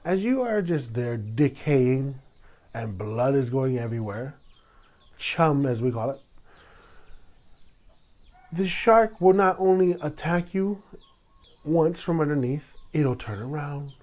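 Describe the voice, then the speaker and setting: A man hosting his own podcast in casual solo talk, rambling and dramatic, with sudden loud bursts. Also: on the high side, lively intonation, slow pace, long pauses. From Hawaii. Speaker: podcast host.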